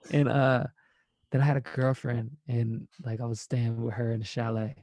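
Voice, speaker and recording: A man's voice: medium pitch, fairly even intonation, a little slow, a little mellow, dry recording. A man, a former college basketball player, guesting on a podcast and telling rambling, profane stories in a laid-back way. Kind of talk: casual storytelling.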